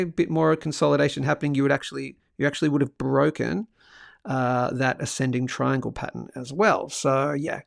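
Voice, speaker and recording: A man's voice: medium pitch, gravelly, no echo, studio quality. Chatty man hosting a livestream. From Australia. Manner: chatty, jokey, reads out viewer comments. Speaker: livestream host. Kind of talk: casual livestream chat.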